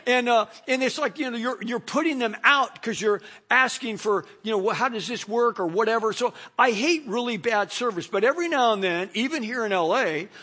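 A man's voice: very high voice, a little fast, hardly any pauses, sharp tone. A middle-aged man, a pastor, preaching a conversational sermon full of stories and fillers. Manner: conversational, storytelling, many fillers.

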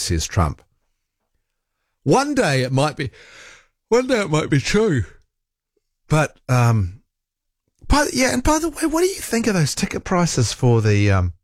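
A talk radio host, a man, works through listener messages and pushes back with a lot of energy, often correcting himself mid-sentence. His voice sits low but moves up and down freely. The studio sound is dry and close. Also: no echo. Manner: argumentative, rambling and self-correcting. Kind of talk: casual radio talk, reading listener texts.

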